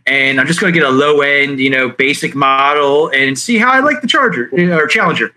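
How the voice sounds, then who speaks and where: Young man, slightly high bright voice, halting, filler-heavy, casual chat. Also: low-quality recording. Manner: hesitant, repeats himself, lots of fillers like "you know". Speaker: podcast co-host.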